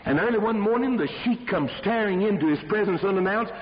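A man's voice: high-pitched, expressive, a little fast. A male preacher telling a story in a sermon with dramatic emphasis, recorded in a dull recording with long hall reverb.

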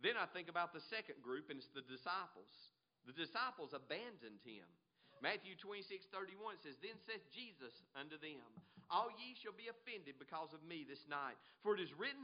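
A man preaching a sermon, emphatic, swinging between loud peaks and low asides, often asking "amen?" of the congregation. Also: dull audio. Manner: emphatic, rises and drops sharply, repeats "amen?" to the congregation.

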